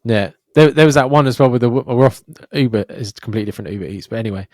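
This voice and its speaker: Young male podcast co-host, profane and lively storyteller, mid-pitched, dry studio mic. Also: very fast, no echo. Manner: sweary, animated storytelling. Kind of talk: casual podcast chat.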